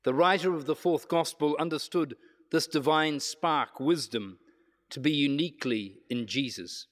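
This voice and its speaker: A man preaching a reflective sermon, measured, slowing down for emphasis. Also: fairly high pitch, a bit bright. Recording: long hall reverb.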